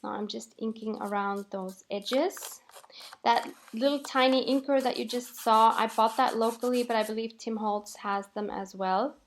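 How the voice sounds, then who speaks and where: Higher-voiced woman narrating a craft video. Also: moderate pace, a little hiss or hum. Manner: relaxed step-by-step explaining with light laughs. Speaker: craft channel host.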